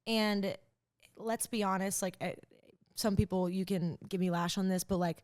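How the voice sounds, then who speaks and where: A young woman, a country singer, talking as a podcast guest in an animated, chatty way, full of fillers as she tells a story. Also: medium pitch, moderate pace. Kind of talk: casual interview chat.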